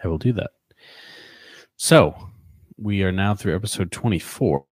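A man co-hosting a podcast in relaxed chat, reading out quotes with small chuckles. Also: deep voice, a little slow, slightly rough, no room sound, studio quality. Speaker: podcast co-host.

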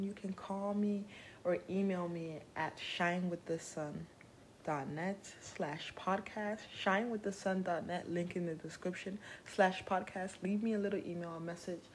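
A woman's voice: medium pitch, a little mellow, slight background noise. A woman hosting a podcast, giving casual self-help talk in a blunt, profane and playful way. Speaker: podcast host.

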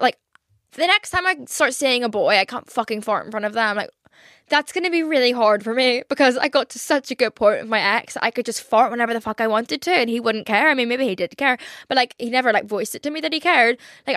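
A woman's voice: a little high, fairly bright tone, no room sound, studio quality. A young woman hosting her podcast in a casual confessional monologue, rambling with lots of fillers and swearing. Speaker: podcast host.

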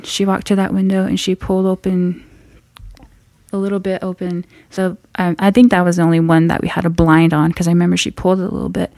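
A woman telling a frightening personal story in an earnest, halting way, often restarting her sentences. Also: on the low side, mellow, no room sound, studio quality.

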